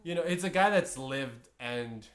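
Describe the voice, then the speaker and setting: A man's voice: mid-range voice, expressive, unhurried, a bit bright. A man co-hosting a podcast in a laid-back, conversational way. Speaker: podcast co-host. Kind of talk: casual podcast chat.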